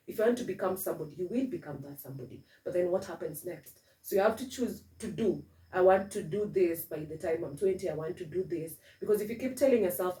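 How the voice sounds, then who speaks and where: Woman interviewer, earnest, advice-giving, mellow tone, roomy echo, voice off-mic. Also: mid-range voice, distant mic. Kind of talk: casual interview. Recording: echoey room, voice from off-mic.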